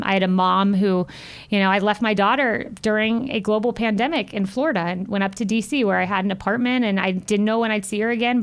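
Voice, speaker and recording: A woman's voice: mid-range voice, clean tone. A woman in her thirties, a guest in an interview, telling personal stories in an earnest, heartfelt way. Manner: earnest, heartfelt, animated retelling.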